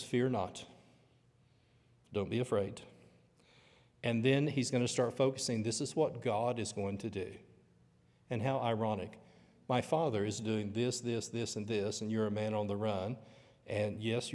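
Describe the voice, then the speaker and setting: Low-voiced man teaching a church lesson. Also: darkish tone, in a large hall. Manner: conversational, storytelling teacher. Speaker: Bible class teacher. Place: church auditorium.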